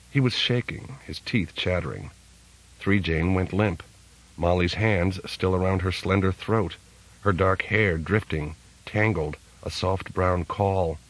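A man narrating an audiobook in a steady, measured way. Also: low-pitched, poor audio. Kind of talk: scripted narration.

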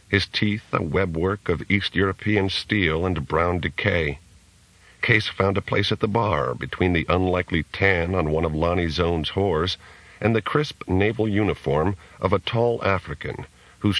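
A man narrating a novel as an audiobook in a measured reading. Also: low voice, fairly bright tone, no room sound, poor audio. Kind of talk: scripted narration.

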